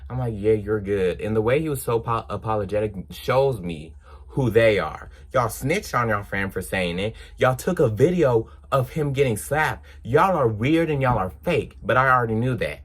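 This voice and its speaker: A man's voice: mid-range voice, husky. A young man, telling a casual story and acting out the dialogue in quotes. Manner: animated, acts out dialogue in quotes. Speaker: storytime vlogger.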